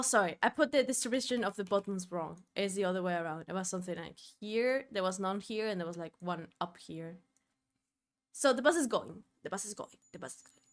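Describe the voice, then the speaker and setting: A woman streamer telling a story in casual chat, dropping to low murmurs and then bursting into loud exclamations.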